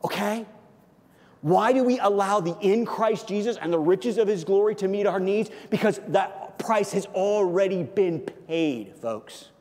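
A man preaching a sermon as a pastor, conversational and animated, often checking in with "okay?". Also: sits high, unhurried. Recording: long hall reverb.

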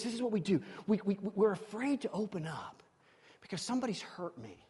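A man preaching a sermon in a church, emphatic, swinging from loud exclamations to quiet, confiding asides. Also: high voice, husky. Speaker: pastor. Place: church sanctuary. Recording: long reverb of a large hall.

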